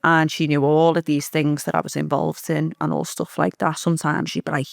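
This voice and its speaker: Gravelly Liverpool woman telling a story. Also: deep voice, flat delivery, a little fast, hardly any pauses, no echo, studio quality. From Liverpool, England. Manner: vivid, swears freely, blunt. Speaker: podcast guest. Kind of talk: storytelling in an interview.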